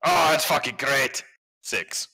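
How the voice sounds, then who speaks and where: Bright-toned young man playing a tabletop game. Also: medium pitch, animated, slow pace, creaky, slightly rough, rough recording. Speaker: player. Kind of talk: casual tabletop play.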